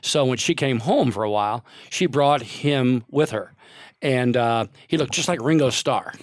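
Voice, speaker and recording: A man's voice: medium pitch, moderate pace, dry recording, clean studio sound. An older man, a guest on a podcast, telling long rambling stories in casual chat and laughing often.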